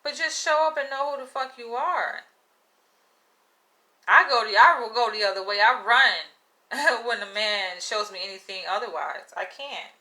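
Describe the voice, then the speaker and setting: A young woman giving a blunt, profane, animated monologue to camera, laughing often as she talks. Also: fairly high pitch, unhurried. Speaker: vlogger.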